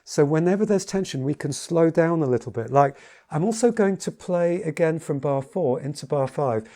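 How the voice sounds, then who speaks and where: A man giving a casual piano lesson, talking in a halting way with many repeated words and fillers. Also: on the high side, lively intonation, dark tone. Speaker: piano teacher. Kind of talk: casual spoken tutorial. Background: piano playing between remarks.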